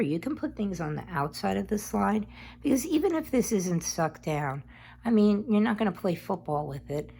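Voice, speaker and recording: A craft vlogger with a low, creaky, mellow voice chats casually through a tutorial, meandering as she works. Slight background noise sits under the recording.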